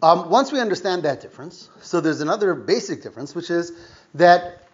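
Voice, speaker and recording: A man's voice: on the high side, lively intonation, fairly quick. Man giving a Torah lesson, lo-fi. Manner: explanatory, with frequent fillers and restatements. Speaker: Torah teacher. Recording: dull lo-fi recording.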